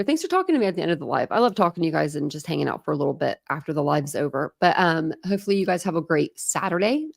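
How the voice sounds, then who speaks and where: A woman's voice: fairly low pitch, gravelly. A woman hosting a casual true crime livestream, chatting with viewers in a rambling way and reading their comments aloud. She grew up in Ohio. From Ohio, born in Philadelphia. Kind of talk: casual chat with live chat viewers.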